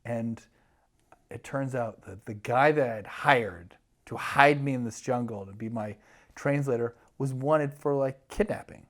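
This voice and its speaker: A middle-aged man tells a story in a loose, rambling way, with plenty of fillers and false starts. His pitch sits in the middle for a man. He acts out what other people said as he goes. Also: normal speed. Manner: rambling, many fillers and restarts, acts out voices. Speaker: podcast guest, TV producer. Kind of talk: animated storytelling.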